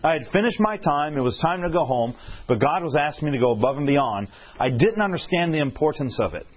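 A man preaching a storytelling sermon, animated and often checking in with his listeners with questions. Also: a little high, a little fast, breathy edge, lo-fi sound.

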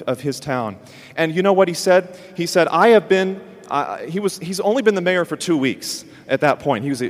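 A man hosting a ministry program, telling a lively story and acting out what people said. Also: fairly high pitch. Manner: animated storyteller acting out quotes. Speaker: host. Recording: long hall reverb.

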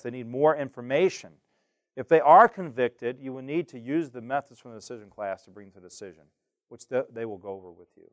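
A man teaching a class on giving Bible studies, lively and acting out examples while asking the class questions. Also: fairly high pitch, dry recording, studio quality. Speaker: Bible study instructor.

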